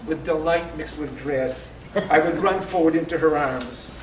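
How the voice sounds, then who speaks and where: A man's voice: a little high, normal speed, slight background noise. A man in his sixties reading a comic family story aloud at a live event, with a wry delivery and punchlines. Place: live event in a store showroom. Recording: echoey room, distant mic.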